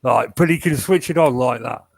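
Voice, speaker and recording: Man, podcast co-host, casual chat, blunt matter-of-fact, mid-pitched voice, dry close sound. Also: normal speed, creaky, dry recording. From Northern Ireland.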